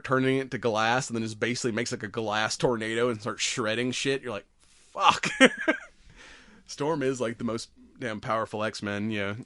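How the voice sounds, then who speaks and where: A man's voice: medium pitch, fairly bright tone, dry recording, clean studio sound. A man hosting a podcast, animatedly retelling a story with plenty of swearing. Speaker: podcast host. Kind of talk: casual chat.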